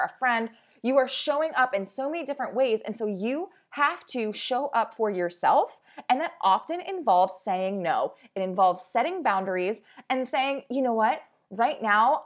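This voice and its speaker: A woman coach giving an emphatic motivational talk, repeating her key points and acting out the people she quotes. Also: on the high side.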